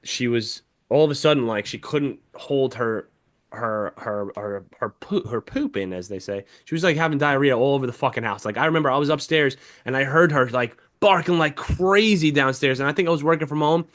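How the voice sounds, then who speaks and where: Young guy on a podcast, swearing a ton, middle pitch, telling a sad story. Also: fairly quick, a bit bright. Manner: heavy swearing, emotional storytelling. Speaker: podcast co-host. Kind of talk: casual chat.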